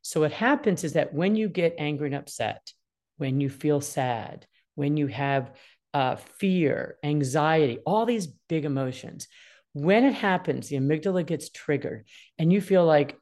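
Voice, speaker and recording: A woman's voice: low-pitched, measured pace. A woman in her sixties talking casually as a guest, giving parenting advice and acting out what children feel. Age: 60s. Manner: expressive, acts out children's voices in quotes.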